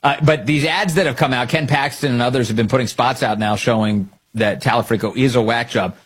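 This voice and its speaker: A man's voice: mid-range voice, fairly quick, husky. A middle-aged man hosting opinionated political commentary, sarcastic and mocking, laughing often.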